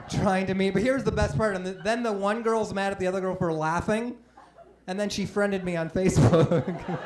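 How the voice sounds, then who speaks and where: Male stand-up comic, forties, self-deprecating with loud outbursts; club stage mic, faint room noise behind. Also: high-pitched. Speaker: stand-up comedian. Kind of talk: live stand-up set. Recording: roomy live club sound. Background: audience laughter.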